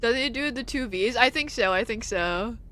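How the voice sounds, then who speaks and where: A young woman chats casually over her gameplay stream with a voice that sits a little high. She giggles often, swears freely and teases her viewers. A faint hum of noise sits under her talk. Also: moderate pace, a bit bright. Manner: giggly, profane, teasing toward chat.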